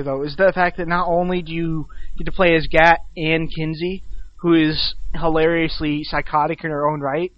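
A man's voice: on the high side, no echo, lo-fi sound. A young man co-hosting a podcast in a joking, self-deprecating casual chat. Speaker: podcast co-host.

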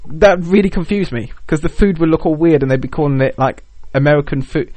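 A man's voice: fairly high pitch, brisk, a little mellow, no echo. A young man co-hosting a podcast in casual chat, rambling and joking with many filler words. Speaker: podcast co-host.

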